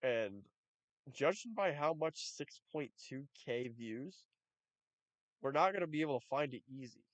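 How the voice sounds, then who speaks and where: A man's voice: mid-range voice, animated, measured pace, no echo, muffled recording. A man giving reaction commentary, talking in a profane, mocking and exasperated way. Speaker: YouTube commentator.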